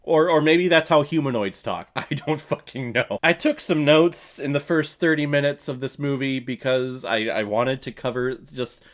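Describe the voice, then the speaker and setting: A man's voice: mid-range voice, normal speed, hardly any pauses. A man ranting casually in a movie review, exasperated and profane, with a mocking tone. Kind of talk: casual film review rant.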